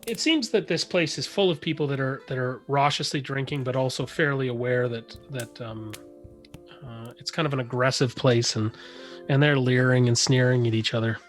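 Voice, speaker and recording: A man's voice: mid-range voice, moderate pace, faint music behind. A man running a tabletop game as game master, describing scenes with many fillers and restarts.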